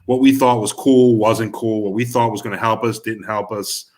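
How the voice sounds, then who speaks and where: A man's voice: lowish voice, steady tone, normal speed, a little mellow. A middle-aged man, a music manager, talking in a casual interview and rambling with many restarts and fillers. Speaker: music manager and producer guest.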